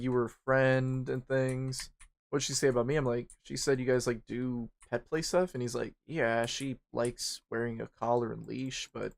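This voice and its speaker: A young streamer chats casually over his game, rambling through a story from his own life. Swear words flow freely, and he acts out panic with high, squeaky outbursts. His voice has a creaky quality.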